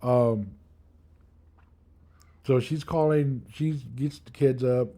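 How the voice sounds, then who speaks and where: A man in his thirties telling a long personal story in a loose, rambling way, full of fillers. He livens it up by acting out quotes from the people around him. His voice is mellow, sitting at an ordinary pitch. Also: fairly even intonation, slow. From Milwaukee area. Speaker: kidney transplant patient.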